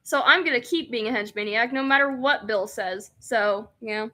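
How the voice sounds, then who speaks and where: A young woman streaming a game, reading its text aloud and chatting excitedly, often laughing and rambling. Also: on the high side, normal speed. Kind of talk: casual let's-play chat, reading game text aloud.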